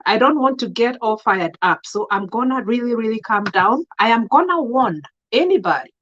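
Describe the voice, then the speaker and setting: This adult woman, Kenyan in accent, runs a casual live stream, calling out viewers by name and speaking her mind with emphasis in English mixed with Swahili. Her voice is on the high side and a bit bright, with lively intonation at normal speed; the recording's highs are cut off.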